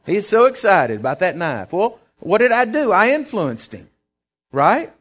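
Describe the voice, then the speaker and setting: Folksy preacher, higher-pitched man. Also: very animated, a little slow, a bit bright. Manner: folksy, storytelling, earnest and emphatic. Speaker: pastor. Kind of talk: sermon.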